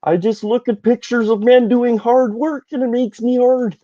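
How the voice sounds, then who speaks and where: A man putting on a mocking caricature of a gushing male pundit, his voice strained high and exaggerated. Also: fairly even intonation, normal speed, dark tone, no room sound, lo-fi sound.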